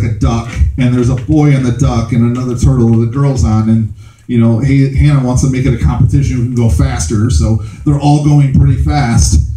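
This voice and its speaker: Man telling a comic story on stage. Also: medium pitch. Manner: laughs through his own story, animated. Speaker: storytelling comedian. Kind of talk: stand-up storytelling. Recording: echoey room with faint noise.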